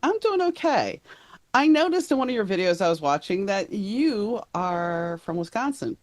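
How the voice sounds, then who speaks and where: A woman's voice: medium pitch, sing-song, moderate pace. A woman from New Orleans hosting a podcast, chatting casually and rambling, often trailing off mid-sentence. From New Orleans, USA. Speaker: podcast host. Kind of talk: casual interview chat.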